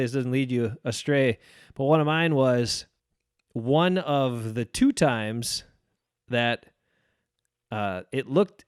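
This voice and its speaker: A man's voice: mid-range voice, clear, resonant tone, no echo, studio quality. A man co-hosting a sports podcast, laid-back, who chuckles often and steers the conversation. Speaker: podcast co-host. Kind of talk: casual sports chat.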